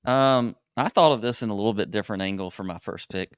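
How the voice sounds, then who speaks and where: A man's voice: fairly low pitch, fast talker, clean tone, no room sound, clean studio sound. A man co-hosting a podcast, chatting casually, rambling and laughing often. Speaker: podcast co-host. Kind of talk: casual chat.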